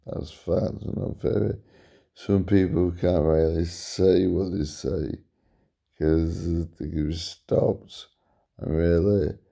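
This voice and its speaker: With a creaky, dark-toned voice, a man vlogs to camera in a tired, rambling way, repeating himself and wandering off topic. He yawns now and then, and his pitch jumps suddenly.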